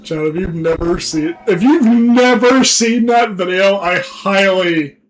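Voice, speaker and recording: A man's voice: high-pitched, takes it slowly, faint music behind, rough recording. A young man streaming live, chatting casually, crude and laughing as he rambles. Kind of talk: casual livestream chat.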